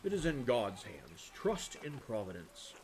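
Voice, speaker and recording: A man voicing a stern, pious older village man from a video game, speaking low and dour. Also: wildly swooping pitch, measured pace, a little mellow, a little hiss or hum.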